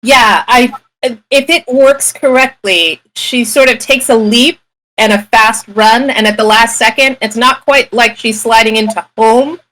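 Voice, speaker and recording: A woman's voice: on the high side, a little slow, a bit bright, rough recording. A woman playing a tabletop game, casually describing her character's moves and asking the game master questions. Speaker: player.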